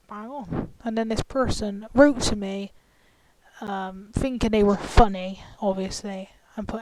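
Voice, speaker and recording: A woman's voice: medium pitch, fairly even intonation, moderate pace. A woman ranting in an angry, profane, confrontational vlog commentary. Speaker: vlogger. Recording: clicky, glitchy, noisy screen-recorder audio.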